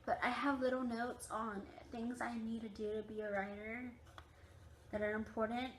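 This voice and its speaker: Young woman, high voice, tired, chatty, emphatic repeats, echoey room. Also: little pitch movement, normal speed, noisy background. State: tired, yawning. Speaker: vlogger. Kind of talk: casual chat to camera. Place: at home on a recliner.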